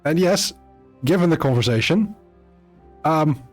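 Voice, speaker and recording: A man chatting to viewers on a live game stream, halting often with fillers and restarts. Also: on the high side, animated, a little mellow, faint music behind. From Netherlands. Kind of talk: live gameplay stream chat.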